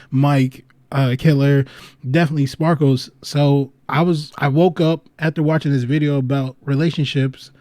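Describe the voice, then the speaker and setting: A man hosting a loose livestream chat, pitch sitting a bit high for a guy, swearing and laughing as he rambles through stories. The sound is dry and close, with no room around it. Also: no echo. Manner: animated storytelling, laughs a lot, swears freely; loose, rambling delivery with restarts. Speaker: livestream host.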